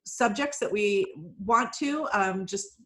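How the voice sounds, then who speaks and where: A woman's voice: mid-range voice, takes it slowly. A woman hosting a casual video call, chatting and greeting each guest by name as they join from home. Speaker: founder and host of a networking call. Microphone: computer mic on a video call.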